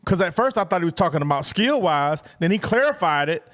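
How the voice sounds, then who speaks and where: High-voiced animated man. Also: fairly quick. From Atlanta. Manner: animated, stammers and restarts. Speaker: podcast co-host. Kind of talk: casual sports chat.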